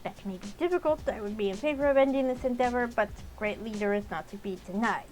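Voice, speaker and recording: A woman voicing a formal female aide of a dictator in a put-on Eastern European accent, measured and reserved, reading a game's lines aloud. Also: on the high side, darkish tone, faint music behind, lightly acted.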